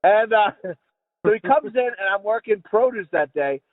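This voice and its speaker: A man with a fairly high voice tells a casual comic story, swearing freely and restarting his sentences as he goes. The sound is dry and close, narrowed like a phone line. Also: expressive, normal speed, no echo. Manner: rambling, profane, many restarts. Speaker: podcast co-host.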